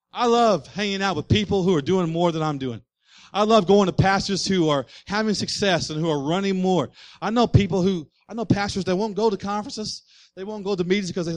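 High-voiced man preaching with fervor. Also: a little fast, no echo. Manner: preaching with rising fervor and repeated refrains. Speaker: pastor. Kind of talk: sermon.

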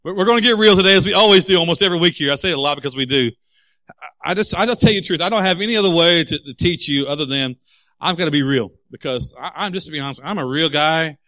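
A male pastor preaching in a candid, storytelling way with plenty of emphasis. His voice is bright and sits a little high, and the sound is dry and close. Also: quick pace, no room sound. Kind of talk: sermon.

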